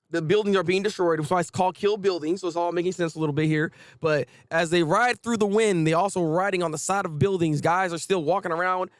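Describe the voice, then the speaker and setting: A man hosting a casual live manga reaction, chatty and animated, often restarting his sentences. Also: high voice, dry recording.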